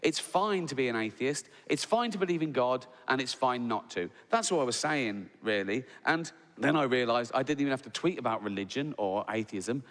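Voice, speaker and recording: Animated and a bit bright, this man's medium-pitched voice moves at normal speed with few pauses. In his sixties, he tells chatty stand-up stories, adding "right?" to his lines and laughing at his own material, amid live hall reverb and faint ambience.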